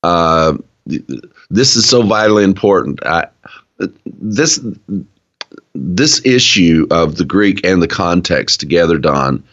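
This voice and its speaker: A man with an East Tennessee accent co-hosting a casual Bible study, talking in an earnest, drawn-out preaching cadence. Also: low voice, lively intonation, fairly bright tone. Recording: dull lo-fi sound.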